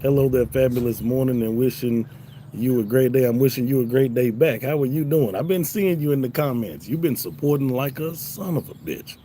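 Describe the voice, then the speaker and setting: A man's voice: mid-range voice, a little fast, warm tone, a little hiss or hum. A man hosting a casual livestream, reading chat aloud in a loose, profane way and laughing often. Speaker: livestream host.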